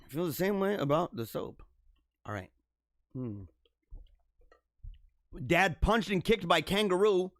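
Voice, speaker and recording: A young man hosts a casual livestream, riffing on news stories with mock outrage and frequent laughs. His voice sits high and leaps around a lot. The sound is dry and close, with no room around it. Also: fairly bright tone, no echo. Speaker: livestream host.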